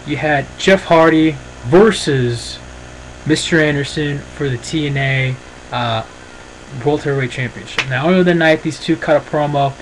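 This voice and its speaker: Brief: man with a slightly high voice, chatty rambling reviewer, opinionated, faint background noise. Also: a bit bright, rough recording. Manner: rambling, opinionated, says "freaking" a lot. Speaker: wrestling show reviewer. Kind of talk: casual review vlog.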